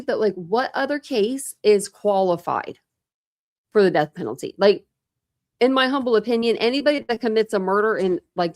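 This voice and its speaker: A woman hosting a true crime livestream, chatting casually and rambling with lots of fillers. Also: a little high. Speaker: true crime channel host.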